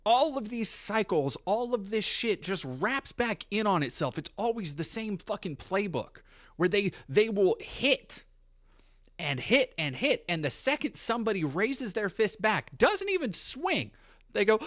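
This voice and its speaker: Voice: medium pitch, sing-song, fairly bright tone. A streamer ranting heatedly and profanely on their stream. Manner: profane, heated, fast rant. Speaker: commentary streamer.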